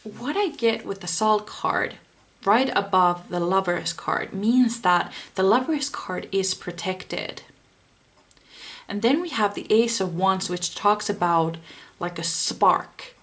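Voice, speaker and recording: Woman tarot reader, mid-pitch voice, unhurried pace, blunt and impassioned, swears, addresses the viewer directly. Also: a bit bright. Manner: speaks straight to the viewer. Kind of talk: pick-a-card tarot reading.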